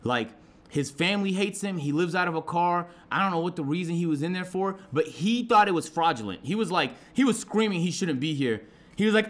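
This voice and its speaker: A young man streaming live, telling a story to his chat in a profane, excitable way and acting out shouted quotes. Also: high voice, fairly quick, heavy background noise.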